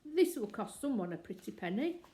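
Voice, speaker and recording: A woman reading aloud and voicing a greedy, quick-tempered neighbour man who blusters and rages. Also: a little high, very animated, pitched above the performer's own voice. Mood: furious. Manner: blustering, shouting in rage.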